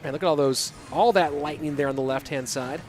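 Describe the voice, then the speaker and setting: A man's voice: on the high side, brisk, darkish tone, faint music behind. A man casting a live esports stream, chatting casually and answering viewer questions between plays. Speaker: esports caster and stream host. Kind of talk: live stream commentary and chat reading.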